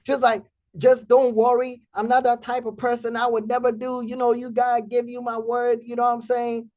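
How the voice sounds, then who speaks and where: Blunt, animated man on a lo-fi stream. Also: extremely high pitch, moderate pace. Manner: blunt, animated storytelling with profanity. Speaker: host of a trading community stream. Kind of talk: casual livestream talk.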